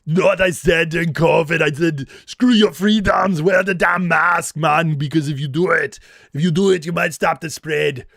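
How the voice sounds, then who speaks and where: Gruff shouted action-star impression by a man, slightly high and dry. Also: moderate pace, no room sound. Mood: shouting. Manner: loud, shouted, exaggerated.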